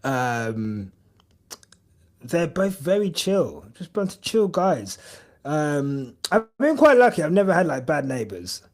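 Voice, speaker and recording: A man's voice: fairly high pitch, sing-song, slow. A young man chatting casually on a live stream, rambling with many fillers and casual swearing. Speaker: podcast host streaming live.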